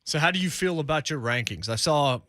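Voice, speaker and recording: A man's voice: on the high side, animated, fairly quick, a bit bright, no echo. A man co-hosting a sports radio show in a studio, teasing and quizzing the guest. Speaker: radio host. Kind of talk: casual sports radio chat.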